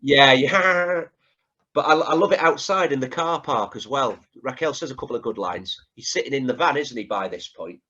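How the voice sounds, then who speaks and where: A man's voice: mid-range voice, normal speed, pushed and bright, slightly rough. Chatty man on a dull lo-fi call. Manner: chatty, asks for agreement, retells scenes. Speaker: podcast co-host. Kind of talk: casual chat.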